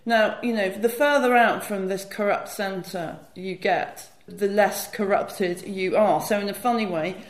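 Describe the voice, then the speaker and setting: A woman's voice: mid-range voice, steady tone, measured pace, hardly any pauses. Enthusiastic woman historian explaining, roomy sound. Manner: fluent, enthusiastic, many "you know" fillers. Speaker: historian guest. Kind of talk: conversational academic explanation.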